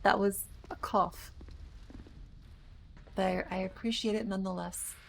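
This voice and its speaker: A woman with a gravelly mid-range voice gives casual live commentary while streaming a video game, her intonation fairly even and her pace measured. She reacts as she plays, often stammering and repeating words, her voice slightly strained against faint background noise.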